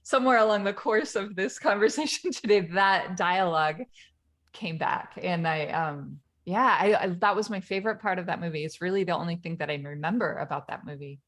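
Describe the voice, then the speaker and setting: Speaking a little fast in a lowish, fairly bright voice, a podcast co-host who has children casually recounts a film scene. Her storytelling rambles, full of laughter and restarts.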